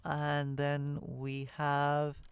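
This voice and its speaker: A programming tutor talks extremely slowly in a fairly high, monotone voice during a screen-recorded assembly walkthrough. He thinks aloud, self-corrects, and mutters under his breath, with a little hiss or hum in the audio.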